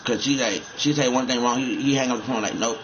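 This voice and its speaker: A man's voice: mid-range voice, fairly even intonation, quick pace, lo-fi sound. A man rambling and cursing as he comments on a game he is playing, often repeating himself. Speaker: gamer.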